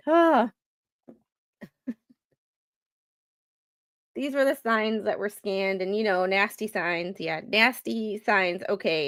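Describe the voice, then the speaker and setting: A woman hosting a commentary stream, reading court documents aloud in a halting, rambling way, with many fillers and restarts. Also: medium pitch, no echo. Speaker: commentary host.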